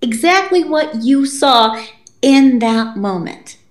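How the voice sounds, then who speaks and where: A woman's voice: high voice, slow pace. A woman, a podcast guest, telling a personal story in a casual, blunt and profane way, with frequent swearing. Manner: blunt and profane, quoting people in lively put-on voices. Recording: roomy echo.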